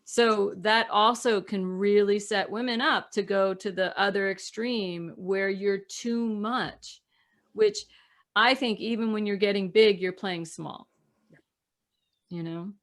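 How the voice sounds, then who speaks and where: A woman hosting a podcast and coaching, talking in a thoughtful way, her voice dropping softly at the ends of phrases. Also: medium pitch, slow. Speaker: podcast host and relationship coach. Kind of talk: casual podcast conversation.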